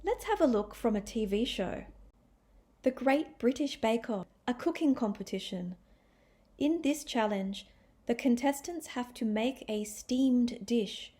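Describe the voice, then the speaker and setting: A woman teaching an English lesson, speaking in a clear, deliberate way and demonstrating different tones of voice. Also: on the high side, a little mellow. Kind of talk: scripted lesson narration.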